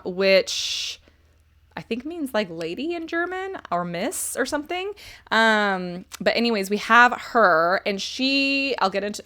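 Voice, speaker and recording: A woman's voice: medium pitch, bright, forceful tone. Chatty woman streamer, self-mocking. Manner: chatty and self-mocking, reads chat aloud. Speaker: streamer reviewing a book. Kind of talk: casual live-stream chat.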